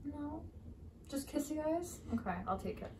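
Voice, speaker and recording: A woman coaches her cat through a little home lesson in playful baby talk. Her voice sits a touch high and swoops up and down freely, with a faint hum of room sound behind her. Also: animated, moderate pace, darkish tone. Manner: sing-song baby talk to a pet, playful. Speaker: cat owner teaching her cat. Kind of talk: casual home vlog.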